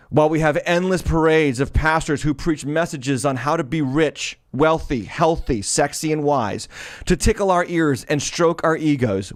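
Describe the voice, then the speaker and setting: A man's voice: medium pitch, no room sound, clean studio sound. A middle-aged man hosting his show as a pastor, preaching with emphatic, sarcastic, declamatory delivery. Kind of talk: preaching commentary.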